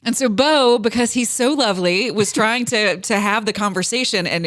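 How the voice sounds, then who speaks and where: A woman's voice: on the high side, normal speed, a bit bright, dry recording. A woman in her forties co-hosting a casual radio podcast, telling stories with frequent laughter. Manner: giggly, rambling storyteller. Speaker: radio co-host.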